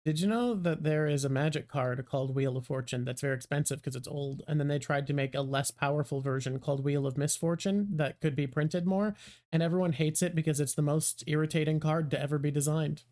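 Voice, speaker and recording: A co-host chats on a live stream and keeps going off on quick, opinionated tangents. The voice sits at a middling pitch. The talk is relaxed and casual. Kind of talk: casual chat.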